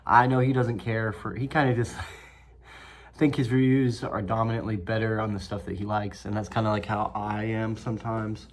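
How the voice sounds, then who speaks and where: A man's voice: on the low side, steady tone, moderate pace. A man hosting his own review vlog, talking loosely to the camera, swearing freely, rambling and laughing often. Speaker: snuff reviewer, channel host.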